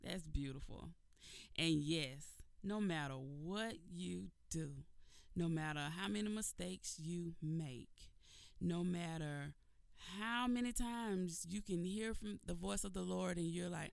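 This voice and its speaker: A woman's voice: lowish voice, a little slow, gravelly, a little mellow, dry recording. A woman hosting a devotional radio talk show from a studio, earnest and preacherly, repeating herself with many fillers.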